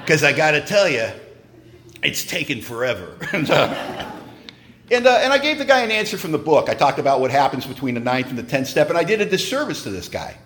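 A man's voice: fairly high pitch, big pitch swings, fairly quick, background noise. A man giving a humorous, emphatic personal testimony at a recovery meeting, in a conversational storytelling manner.

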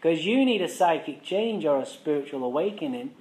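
A man quoting a blunt, gruff old-timer. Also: on the high side, expressive, a little fast, darkish tone, reverberant, a little hiss or hum, lightly acted, rough recording. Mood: scolding. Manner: bossy, scolding, profane. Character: blunt gruff older man from recovery meetings.

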